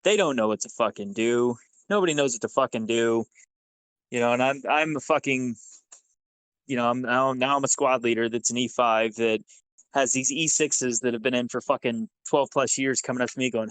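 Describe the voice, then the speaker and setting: On a podcast, a male ex-soldier who was an Army sergeant swaps stories casually, cursing and acting out every quote with animation. His mid-range voice is clear and resonant at a moderate pace, recorded on a dry mic with no echo, though the recording is rough.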